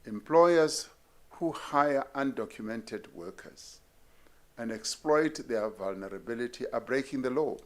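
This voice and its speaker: A South African man, a head of state, delivering a formal public address in a measured, deliberate way. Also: medium pitch, expressive.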